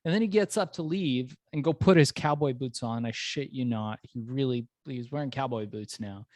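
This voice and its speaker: A male podcast host in casual, upbeat chat, telling lively stories and reading a sponsor message. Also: medium pitch, moderate pace, dry recording. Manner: upbeat, laughing, animated storyteller.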